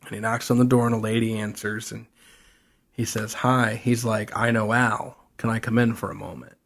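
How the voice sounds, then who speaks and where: Low-ish and a bit bright, with vocal fry, flat delivery and normal speed, this podcast co-host rambles through a long TV plot in casual chat. He acts out what the characters say.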